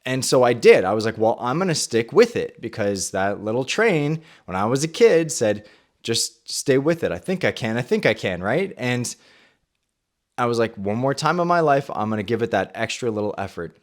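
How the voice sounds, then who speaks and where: A young adult man hosting a faith podcast, telling a personal story and acting out his own past thoughts in a lively way. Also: mid-range voice, normal speed. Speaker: podcast host. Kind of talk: personal testimony and Bible talk.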